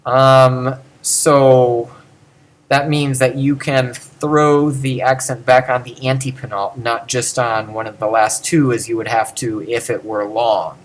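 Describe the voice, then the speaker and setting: A man's voice: mid-range voice, little pitch movement, takes it slowly. Chatty male teacher lecturing casually. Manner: chatty, self-correcting, chuckles at himself. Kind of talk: lecture on Greek accents.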